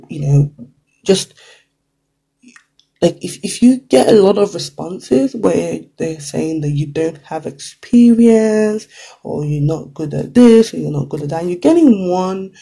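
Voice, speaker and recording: A relaxed vlogger chats straight to camera with a gravelly, husky edge to the voice. The tone is dark and mellow, full of "like" and "you know", with quick acted-out quotes dropped in along the way. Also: medium pitch. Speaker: vlogger giving career advice. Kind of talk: casual to-camera chat.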